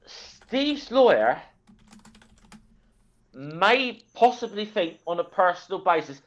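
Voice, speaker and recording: A guest making an emphatic point in a casual online chat, swearing and repeating himself. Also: medium pitch. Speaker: guest on the stream. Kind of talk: casual argument. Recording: dull lo-fi audio.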